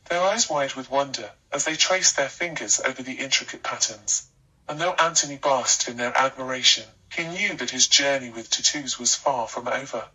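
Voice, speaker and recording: A man narrating a scripted life story with a steady, even storytelling delivery. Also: mid-range voice, breathy edge, far from the mic, poor audio.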